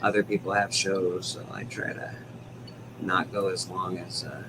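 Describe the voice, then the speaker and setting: A man's voice: deep voice, level tone, unhurried, background noise. A man hosting a casual livestream chat from home, rambling, laughing often and swearing now and then. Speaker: livestream host.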